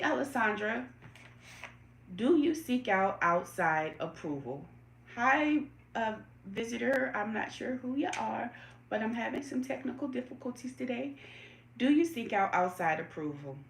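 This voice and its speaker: A woman's voice: mid-range voice, slight background noise. Reflective woman questioning her listeners, roomy echo. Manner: reflective, poses repeated questions to listeners, greets viewers by name. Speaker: tarot reader hosting a livestream. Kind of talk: live-stream spiritual talk to viewers.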